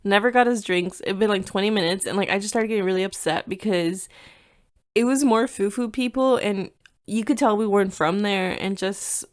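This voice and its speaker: A woman in her thirties from the United States talks through her own podcast in a relaxed, chatty way. She leans on "like" and drops Spanish phrases into her English as she tells stories. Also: medium pitch, moderate pace. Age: 30s. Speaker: podcast host. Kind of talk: casual solo podcast storytelling.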